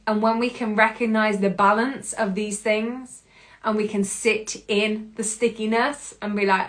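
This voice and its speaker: A woman hosting a podcast, giving an expressive self-help monologue and often breaking into laughter. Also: on the high side, unhurried. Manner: expressive, laughs often, acts out her own inner voice. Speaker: podcast host.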